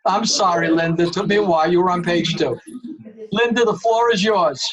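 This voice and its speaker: A man's voice: high voice, a little fast, lo-fi sound. A man chairing an online board meeting over a video call, emphatic and calling on members by name.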